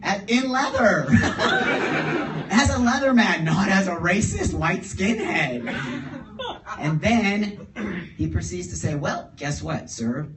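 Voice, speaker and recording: Animated man telling a story live. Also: sits high, slow pace, pauses often, background noise. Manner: animated, laughing often, acting out other people's lines. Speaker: guest storyteller. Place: live event in a store before an audience. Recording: roomy live room, distant mic, audible audience.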